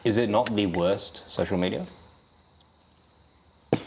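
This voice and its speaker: A man's voice: fairly low pitch, a little slow, vocal fry, noisy background. A man co-hosting a podcast in casual banter who laughs often. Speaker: podcast co-host. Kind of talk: casual chat.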